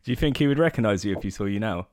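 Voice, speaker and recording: A man's voice: on the low side, lively intonation, very fast, darkish tone. A male podcast host chatting casually, laughing often and giving short encouraging replies. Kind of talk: casual chat.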